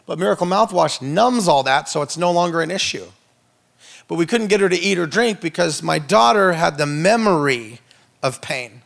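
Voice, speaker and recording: A man's voice: on the high side, expressive, normal speed, vocal fry, fairly bright tone. A man, an itinerant minister giving a humorous testimony sermon, telling a story with jokey asides to the audience. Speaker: itinerant minister, guest speaker.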